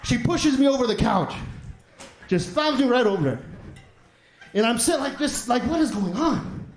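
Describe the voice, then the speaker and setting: A man with a strikingly high voice rambles through a crude, self-mocking stand-up story. He swears freely and laughs at himself as he goes. The sound bounces around a small, echoey club. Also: animated, moderate pace, a little hiss or hum. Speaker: stand-up comedian. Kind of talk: stand-up set. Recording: echoey comedy club stage.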